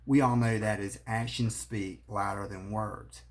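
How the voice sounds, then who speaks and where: Man, marriage coach, earnest advice to camera, somewhat low voice. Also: steady tone, measured pace. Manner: earnest, coaching, speaks straight to the viewer. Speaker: marriage therapist and relationship coach. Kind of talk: direct-to-camera advice talk.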